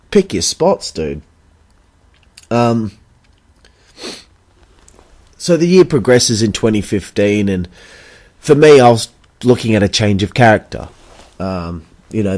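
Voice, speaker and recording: A man's voice: fairly low pitch, darkish tone. A young Australian man hosting a podcast, telling a story in a blunt, casual way, swearing freely and acting out the back-and-forth of conversations. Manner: blunt, swears freely, acts out quoted exchanges. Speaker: podcast host and backyard wrestler.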